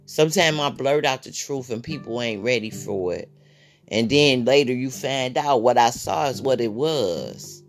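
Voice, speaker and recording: A man's voice: mid-range voice, normal speed, soft background music. A man hosting a podcast, talking through a casual spiritual monologue in a blunt, profane way, often repeating his phrases. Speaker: podcast host.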